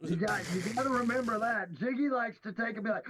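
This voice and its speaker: A man's voice: very high voice, fast talker, noisy background. A man in a casual chat, laid back and swearing casually.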